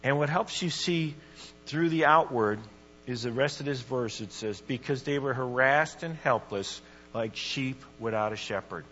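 Bright-voiced man preaching in a church. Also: medium pitch, measured pace, slight background noise. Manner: casual, excitable preaching with bursts of shouting. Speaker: guest preacher. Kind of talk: sermon. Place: church sanctuary. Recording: dull lo-fi recording in a reverberant church.

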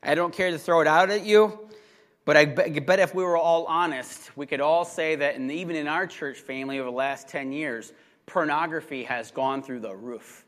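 A pastor preaching a sermon with emphatic delivery that rises to loud, urgent exhortation. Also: male voice, fairly high pitch, moderate pace, long reverb tail.

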